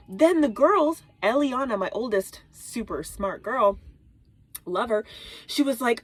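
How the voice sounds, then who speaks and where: A woman in her thirties, a mother, telling a story to camera in a casual vlog, animated and exaggerated, dropping into whispered asides, recorded in a small closet. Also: on the high side, a little slow, slightly rough. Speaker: mom vlogger.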